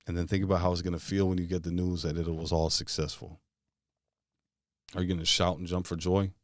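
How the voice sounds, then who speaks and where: A man's voice: low voice, flat delivery, dry recording, studio quality. A man guiding a visualization exercise, firing off casual questions one after another. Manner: string of rapid questions, casual phrasing. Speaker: motivational speaker. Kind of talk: guided visualization talk.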